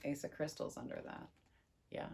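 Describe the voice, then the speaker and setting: A woman giving a casual tarot reading, chatty and excitable as she thinks aloud over the cards. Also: normal speed. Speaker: tarot reader.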